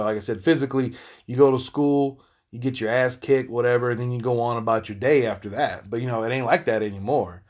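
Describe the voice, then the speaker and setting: A man talking casually to his viewers in a rambling, profane, laid-back monologue. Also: medium pitch. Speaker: vlogger.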